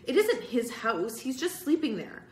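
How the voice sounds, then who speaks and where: A whiny, insistent schoolboy, as a woman reader puts him on, pitched higher than a grown voice. He presses every point in a storybook reading, with a roomy echo around the voice. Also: big pitch swings, a little slow, slight background noise. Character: excitable boy, middle-school age.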